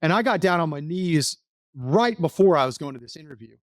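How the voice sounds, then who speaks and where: A man's voice: a little high, animated, fairly quick, no echo, studio quality. A man from Texas, a podcast guest, telling a personal story in an earnest, rambling way, often restarting sentences. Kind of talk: casual storytelling interview.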